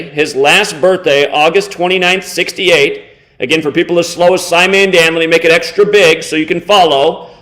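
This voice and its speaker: A man in his thirties delivering an angry reaction commentary, contemptuous and insulting, swearing heavily and slowing down to mock. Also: sits high, a bit bright. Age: 30s. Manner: sarcastic, slows down to mock. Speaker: online video host.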